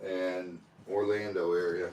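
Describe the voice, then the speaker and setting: A man hosts a live online auction, calling bids and trading jokes with his co-host. He speaks slowly, sounding a little away from the mic in an echoey room. The tone is casual and chatty. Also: low-pitched, little pitch movement, a little mellow, recorded from a distance, a little hiss or hum.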